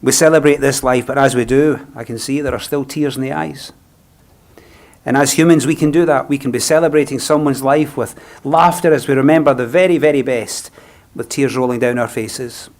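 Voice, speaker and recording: A man with a Scottish accent, a funeral celebrant speaking a eulogy in a gentle, reflective, unhurried way. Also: medium pitch.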